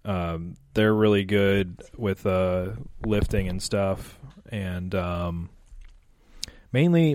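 A man with a fairly low voice talks as a podcast guest, relaxed and offhand. He jokes and swears freely. The recording is dry and close, with no room echo. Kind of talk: casual chat.

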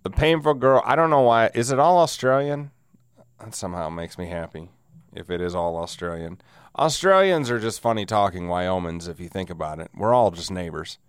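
A man's voice: low voice, lively intonation, normal speed, smooth, no echo, clean studio sound. A man hosting a casual solo podcast, rambling and sardonic with frequent laughs, wheezing through a sinus cold. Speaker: podcast host.

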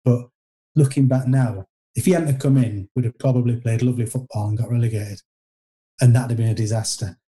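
Middle-aged man, deep dark timbre, casual rambling storyteller, ex-player interview guest. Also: fairly even intonation, a little fast. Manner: rambling anecdotal, frequent restarts, self-deprecating. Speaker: former footballer guest.

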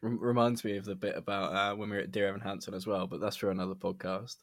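A man's voice: low-pitched, little pitch movement, quick pace, no room sound. A young man co-hosting a podcast, telling a story in casual chat and laughing through it often. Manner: giggly storyteller, frequent laughs. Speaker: podcast co-host.

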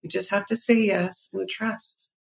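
A woman's voice: medium pitch, fairly even intonation, a little slow, vocal fry, echoey room. A middle-aged woman guest on an interview, speaking in a heartfelt, emotional and rambling way. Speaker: guest, nonprofit founder. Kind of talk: interview conversation.

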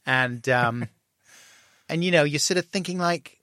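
A man's voice: on the high side, measured pace, pauses often, dry recording, clean studio sound. Self-deprecating middle-aged man. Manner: self-deprecating, animated when acting out dialogue. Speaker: guest. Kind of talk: candid conversational storytelling.

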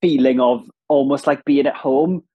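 A man with a strong south-west Welsh accent and a slightly husky voice talks as a podcast guest. He is lively and animated, often laughing mid-sentence. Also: mid-range voice, normal speed, highs cut off. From Ammanford, south-west Wales. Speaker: guest, TV presenter. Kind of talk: casual interview chat.

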